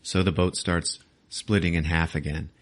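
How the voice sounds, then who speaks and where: Man, very deep voice, casual movie recap, laughing, swearing. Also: fairly even intonation, moderate pace. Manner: loose, laughing, swears often, acts out the scenes. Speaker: podcast host.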